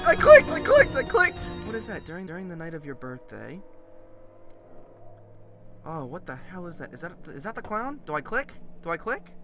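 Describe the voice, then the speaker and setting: A man's voice: on the high side, sing-song, moderate pace, long pauses, music in the background. Panicky screaming man playing a horror game. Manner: panicky, screaming and laughing nervously. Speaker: let's play gamer.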